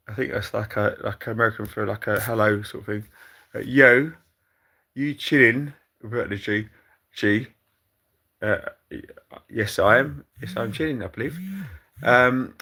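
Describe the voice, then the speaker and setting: A British man with a mid-range voice reads chat comments aloud on his casual livestream. He's halting and rambling, full of fillers and restarts, with dry, deadpan asides.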